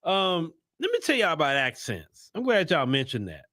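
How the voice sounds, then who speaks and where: A man's voice: fairly high pitch, wildly swooping pitch, pushed and bright, dry recording. Chill guy running a live stream, lots of ums and restarts, dry close sound. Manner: unhurried, many fillers and restarts, chats with viewers. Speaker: host of a news live stream. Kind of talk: casual live-stream commentary.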